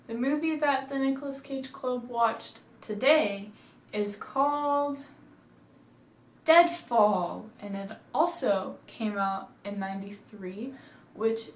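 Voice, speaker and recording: A woman casually reviewing a movie, rambling through the story with lots of "like," sitting at home. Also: mid-range voice. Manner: chatty, rambling retelling full of "like". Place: indoors at home, seated. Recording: echoey room.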